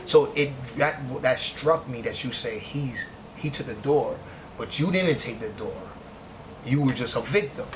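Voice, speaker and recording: A man with a New York accent giving casual spoken commentary, halting often with restarts and fillers. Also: medium pitch, background noise. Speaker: commentary host.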